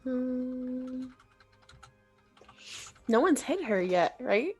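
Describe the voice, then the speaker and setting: Slow, casual woman player, swears freely. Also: sits high, expressive, a little mellow, husky, soft background music. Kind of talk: casual tabletop game chat.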